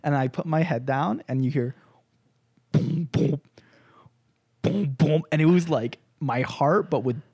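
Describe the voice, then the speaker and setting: A man on a casual podcast, spinning a wild personal story with loose, crude energy and frequent laughter. His voice sits a little higher than most men's, and the sound is close and dry. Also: moderate pace, few pauses, no echo. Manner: animated, laughs often, crude. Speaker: podcast co-host.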